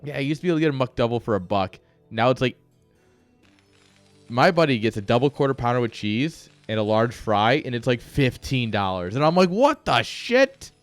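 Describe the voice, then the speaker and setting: A male game caster at an ordinary mid pitch, chatting loosely on a live stream. He wanders between jokes and game calls, swearing casually as he goes. Faint music plays underneath. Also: fairly quick, dry recording. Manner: rambling, joking, swears freely.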